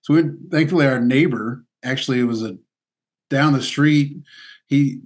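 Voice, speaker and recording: A man's voice: medium pitch, normal speed. A man from Missouri, chatting as an interview guest, laughing often and peppering his talk with "dude" and "like.". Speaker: guest athlete. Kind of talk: casual interview storytelling.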